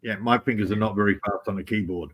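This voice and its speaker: A man's voice: fairly low pitch, fairly even intonation, fast, fairly bright tone, slightly rough. A man chatting casually and joking around with a live-stream host. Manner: playful, joking, tries other accents. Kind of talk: casual chat.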